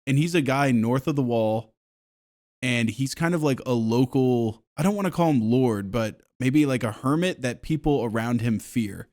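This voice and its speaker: A man's voice: medium pitch, moderate pace. Laughing, profane man chatting on a podcast. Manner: laughing, animated, profane storytelling. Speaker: podcast co-host. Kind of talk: casual chat.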